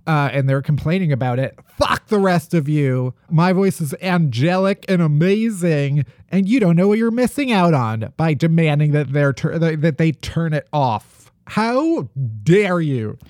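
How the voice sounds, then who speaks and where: A man's voice: on the high side, a little mellow, no room sound, studio quality. A man hosting a podcast in casual chat, joking and playfully dramatic. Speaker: podcast host.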